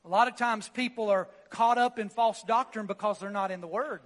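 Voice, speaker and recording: A man's voice: high voice, brisk, hardly any pauses, a bit bright, in a large hall. A man preaching a sermon as pastor, emphatic, repeating lines and restarting words as he drives a point home.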